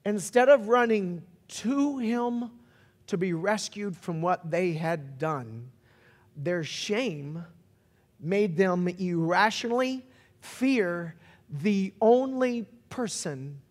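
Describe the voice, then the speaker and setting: A man preaching a sermon as a pastor, telling stories and shifting from slow, quiet stretches to loud, excited peaks. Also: high-pitched, in a large hall. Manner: storytelling, varies pace, builds to shouts.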